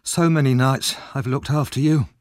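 A man voicing a tired, worn-out young woman who speaks in a soft, pleading way. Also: medium pitch, fairly even intonation, moderate pace, dry recording, clean studio sound, voice pushed up, lightly acted. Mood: weary.

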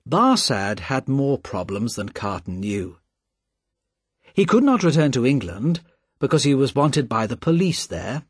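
A male narrator reading a story aloud at an unhurried, deliberate pace. His voice is husky, with lively rises and falls. The recording is close and dry. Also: mid-range voice, no echo. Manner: slow, deliberate, expressive reading.

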